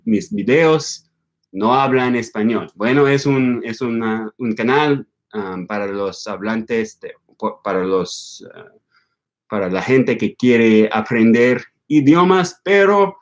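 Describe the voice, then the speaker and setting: Rambling Midwestern man, lowish voice. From Wisconsin, United States. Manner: rambling, many fillers and restarts. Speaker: language vlogger. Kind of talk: casual vlog monologue.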